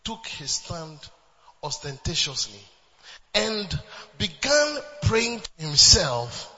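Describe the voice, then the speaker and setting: High, lively preaching man in a hall. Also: takes it slowly, lo-fi sound. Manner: emphatic preaching with repeated refrains and laughter. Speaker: pastor. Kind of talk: sermon.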